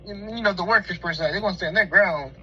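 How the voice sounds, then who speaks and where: A playful radio co-host with a bright, sharp voice who chimes in quickly during casual banter. The mic sounds dull and muffled, with a faint hiss underneath. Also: medium pitch. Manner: playful, quick agreeing interjections. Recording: dull, slightly noisy mic.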